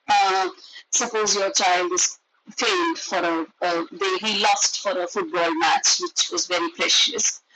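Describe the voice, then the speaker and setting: A woman's voice: a little high, gravelly, fairly bright tone, poor audio. A woman with an Indian English accent giving an earnest parenting talk, explaining points and acting out exchanges between parents and children. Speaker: parenting educator.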